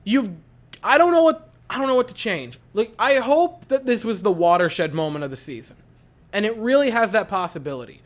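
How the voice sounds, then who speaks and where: A man giving an animated post-game reaction to a hockey game, repeating his points for emphasis. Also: high voice, a little fast. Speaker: hockey fan commentator.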